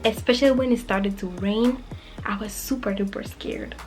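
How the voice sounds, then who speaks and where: A young woman casually telling a personal story, animated and acting out her past self in quoted lines, sometimes dropping to a whisper. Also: medium pitch, moderate pace, faint music behind.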